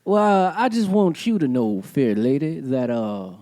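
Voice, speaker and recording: A man's voice: a little high, sing-song, a little slow, mellow, no room sound. A man co-hosting a casual podcast, playful and teasing, often breaking into laughs. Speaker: podcast co-host. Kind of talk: casual banter.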